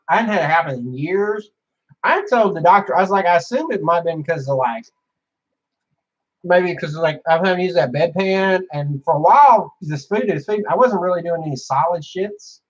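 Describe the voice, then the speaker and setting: A young man telling rambling, profane stories in a casual monologue, full of fillers. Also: high-pitched. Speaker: vlogger. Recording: dull lo-fi sound.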